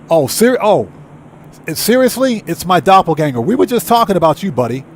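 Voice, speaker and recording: A man hosting a live gameplay stream, trash-talking rival players and giving loud shout-outs to chat members. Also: sits high, big pitch swings, fairly quick, slight background noise. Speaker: livestream host.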